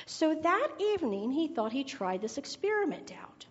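A woman's voice: sits high, big pitch swings, normal speed, few pauses. A woman preacher telling a joke and then giving her sermon, chatty and laughing at her own jokes. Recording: reverberant hall, dull sound.

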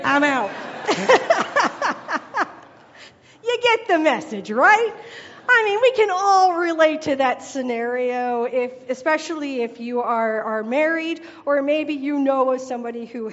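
A woman's voice: high voice, expressive, moderate pace, a bit bright. A woman preacher telling a joke and then giving her sermon, chatty and laughing at her own jokes. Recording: reverberant hall, dull sound.

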